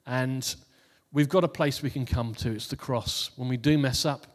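A man preaching in a relaxed, chatty way, chuckling at his own jokes and then reading scripture. His voice sits at an ordinary middle pitch. A long reverb tail hangs behind every phrase. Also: normal speed. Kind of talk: casual New Year sermon.

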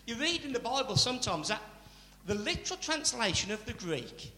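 A man preaching a sermon, chatty and animated, with asides to the congregation. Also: very high voice, a little fast. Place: church. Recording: church hall reverb, faint hum.

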